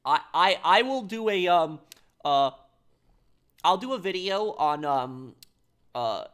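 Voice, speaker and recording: A man's voice: high-pitched, expressive, a bit bright, clean tone. Rambling man chatting on a game stream. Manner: rambling, halting, answers chat aloud. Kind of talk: casual live-stream chat.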